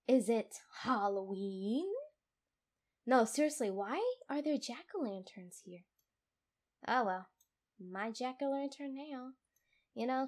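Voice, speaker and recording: A young woman casually commentating her own survival game at home, jittery and giggly, easily startled and quick to laugh at herself. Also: on the high side, a little mellow. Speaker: gamer playing a survival game. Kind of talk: casual let's play commentary. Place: room at home.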